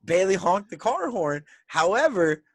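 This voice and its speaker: Loud, profane young man, lively pitch. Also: a little slow, no echo. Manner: loud, profane, laughs often. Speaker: podcast co-host. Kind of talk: crude casual chat. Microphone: desk microphone.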